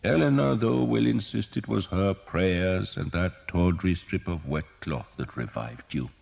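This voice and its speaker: A man voicing a cheerful, sardonic old male doctor who teases slowly and deliberately. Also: sits low, creaky, darkish tone, pitched above the performer's own voice, exaggerated voice. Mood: wry. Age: older. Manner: wry, teasing, slow and deliberate.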